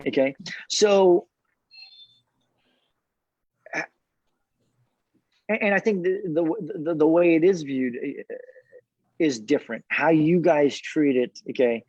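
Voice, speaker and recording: A man talks from his car as an interview guest, animated and laughing often, often repeating his words. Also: on the high side, slow pace, pauses often, no room sound. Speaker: cigar brand founder, guest. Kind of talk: casual interview chat. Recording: dull dry remote call audio.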